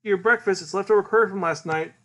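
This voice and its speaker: A man's voice: sits high, fast, bright, forceful tone, voice pushed up. A man voicing a cheerful mother calling her teenage son in a sing-song, coaxing way. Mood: cheery.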